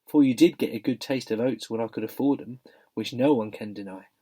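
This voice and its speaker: A man voicing a blunt, working-class London cab driver who talks plainly and loudly. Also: mid-range voice, a little fast, slightly rough, close to an everyday voice. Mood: earnest. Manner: blunt, chatty, dropped grammar.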